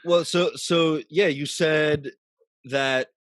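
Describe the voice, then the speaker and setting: A man hosting a podcast, easygoing and quick to laugh in casual chat. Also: a little high, fairly even intonation, fairly bright tone, no room sound. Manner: laughs often, easygoing, hesitant restarts. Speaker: podcast host.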